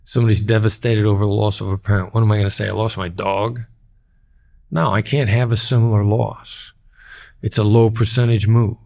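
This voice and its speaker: Gravelly middle-aged guy on a podcast, low voice, blunt and repeats himself to make a point. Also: little pitch movement, quick pace, darkish tone. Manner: plain-spoken, repeats key phrases for emphasis. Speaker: guest, former hostage negotiator. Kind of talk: podcast interview.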